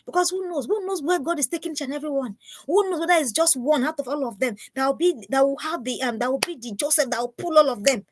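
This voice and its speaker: A woman's voice: high-pitched, fast, noisy background. A woman giving an earnest, preachy live talk to parents, often repeating herself. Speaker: parenting speaker.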